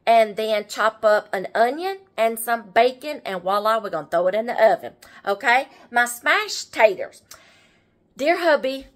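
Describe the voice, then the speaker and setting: Chatty woman cooking at home. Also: on the high side. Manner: chatty, folksy, keeps saying "y'all" and "okay". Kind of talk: casual cooking tutorial. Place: home kitchen, indoors.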